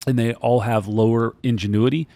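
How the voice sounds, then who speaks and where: A man's voice: medium pitch, fairly even intonation, warm tone, dry recording. A man co-hosting a business podcast who explains his ideas step by step and acts out the things people say. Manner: explanatory, measured, acts out quotes. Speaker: podcast co-host. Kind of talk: casual business chat.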